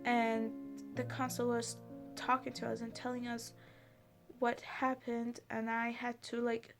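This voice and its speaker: A young woman tells an emotional personal story in a high, halting voice, stopping and restarting as she gets upset. She sounds close to tears throughout. Soft music plays faintly in the background. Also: completely flat delivery. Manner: halting, many fillers and restarts, anxious. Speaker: vlogger.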